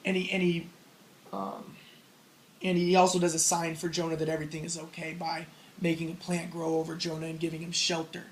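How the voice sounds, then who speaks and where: A man's voice: fairly high pitch, monotone, fairly quick, a little hiss or hum, rough recording. A man giving a casual spoken lecture on religion, rambling as he explains and acting out the lines he quotes.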